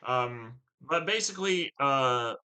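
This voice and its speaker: A man's voice: mid-range voice, animated, takes it slowly, bright, forceful tone, smooth, rough recording. A man teaching a play, reading passages aloud and explaining them casually with lots of fillers and "right?".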